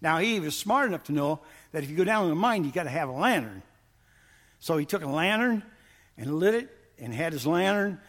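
A man telling a story to a live audience in a lively, animated way, acting out the lines he quotes. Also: a little high, fairly quick. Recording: long hall reverb.

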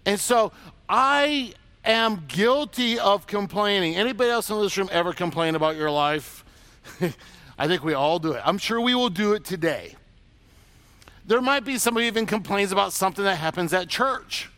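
A pastor preaches in a chatty, conversational way and slips into quick acted-out complaints. His voice sits high for a man. The sound is dry and close. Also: a bit bright, no echo. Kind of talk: sermon.

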